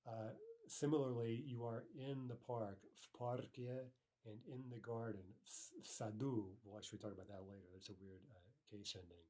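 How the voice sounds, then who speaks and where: A man giving a recorded grammar lesson, patiently saying each phrase slowly twice, with fillers and self-corrections. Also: mid-range voice, fairly even intonation, dark tone. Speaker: language teacher.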